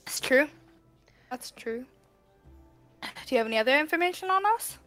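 A woman's voice: sits high, animated, moderate pace, pushed and bright, soft background music, voice pushed up. A woman voicing a forthright, horned, blue-skinned young woman adventurer, speaking directly and plainly. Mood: businesslike.

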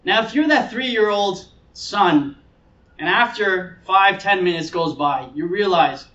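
A man's voice: high voice, takes it slowly, bright, forceful tone. A man preaching a sermon in an earnest way, now and then acting out the voices of people in his story. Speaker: pastor. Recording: echoey hall, speaker far from mic, dull sound.

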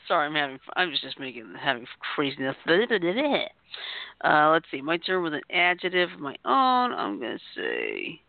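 Giggly host with a gravelly voice over a tinny line. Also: medium pitch, wildly swooping pitch, measured pace, slight background noise. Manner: giggly, chatty, calls on players by name. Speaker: host running a word game. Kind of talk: casual podcast game hosting. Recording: tinny phone-line audio.

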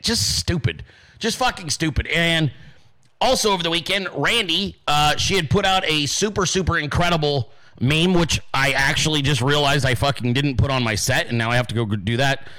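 In casual political commentary, a podcast host rants profanely and calls his listeners "dude" and "guys." His voice is a little high, brisk and sharp, and the recording is rough.

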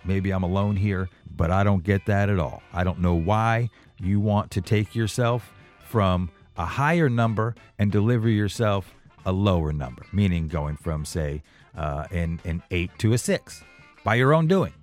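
Male podcast host, forties, low and lively, self-deprecating rambler. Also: moderate pace, soft background music. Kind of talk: casual monologue.

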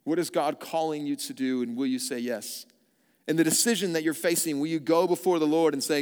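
Man, pastor, fairly high voice, animated storytelling, hushed slow prayer, long church reverb. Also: clean tone. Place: church auditorium.

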